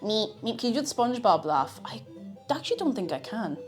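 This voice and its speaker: Woman streamer, chatty and playful at her home kitchen, very animated pitch. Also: fast talker, faint music behind. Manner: playful, rambling, reads out chat messages. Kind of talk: casual live-stream chat while cooking.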